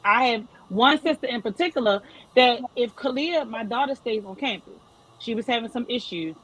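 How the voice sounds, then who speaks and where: A woman's voice: fairly high pitch, normal speed, a bit bright, husky, rough recording. A woman in her thirties speaking as a panel guest, giving earnest, emphatic advice to parents. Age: 30s. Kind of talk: panel discussion.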